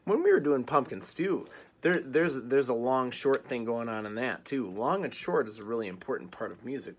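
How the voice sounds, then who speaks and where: A man teaching an online music lesson for children, patient and clear, leading rhythm chants and songs. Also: medium pitch, slight background noise. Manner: slow, patient, sings and chants rhythm games.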